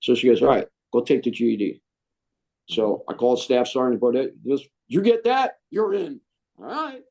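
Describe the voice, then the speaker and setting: In an interview, a middle-aged veteran of the Marines relates his story at medium pitch and a moderate pace. He's expressive and acts out the voices of those he quotes.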